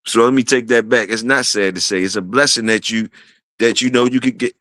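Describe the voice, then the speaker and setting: A man hosting a casual livestream, shouting out viewers and repeating his phrases. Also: medium pitch, fairly quick, no echo, clean studio sound. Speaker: livestream host.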